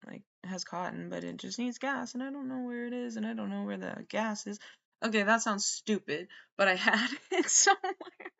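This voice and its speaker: A woman's voice: medium pitch, expressive, normal speed, gravelly, fairly bright tone. Woman, podcast host, rambling monologue, swears a lot, drifts off mid-sentence, muffled lo-fi recording.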